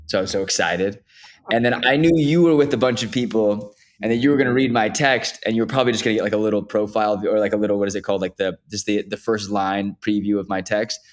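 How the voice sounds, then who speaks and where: Young male co-host, lowish voice, lively storyteller in casual chat. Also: fast talker. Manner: animated storyteller, acts out quotes. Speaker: podcast co-host. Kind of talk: casual podcast conversation.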